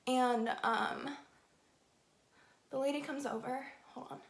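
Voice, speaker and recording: A young woman tells a long story in a casual, animated way, filling it with "like" as she does her makeup. Her voice sits a bit high. The room around her is echoey. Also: normal speed, vocal fry. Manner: chatty, animated, lots of "like". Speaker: beauty vlogger.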